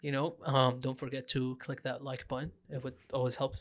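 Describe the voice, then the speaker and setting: A man's voice: medium pitch, flat delivery. A man hosting a casual podcast. He teases his guest and rattles through the sign-off. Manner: teasing, brisk sign-off. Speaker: podcast host. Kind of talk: casual chat.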